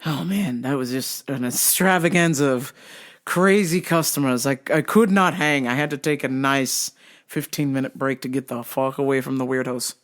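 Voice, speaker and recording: A woman's voice: very deep voice, normal speed. A woman hosting a show, telling work stories in a casual, exasperated, heavily profane way. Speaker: host. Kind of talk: casual comedic storytelling.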